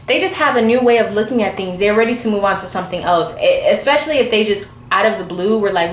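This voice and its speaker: A woman gives a casual tarot reading, chatty and informal as she talks straight to her viewers. Her voice sits at a middle pitch. The room around her is echoey, with a faint hum of background noise. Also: fast talker, hardly any pauses. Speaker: tarot reader.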